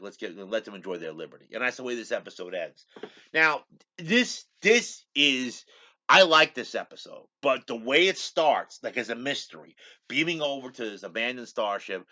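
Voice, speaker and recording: Male host, casual rambling recap, bright edge, slightly dull lo-fi sound. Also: medium pitch. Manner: rambling storyteller, many fillers and restarts. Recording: dull lo-fi recording.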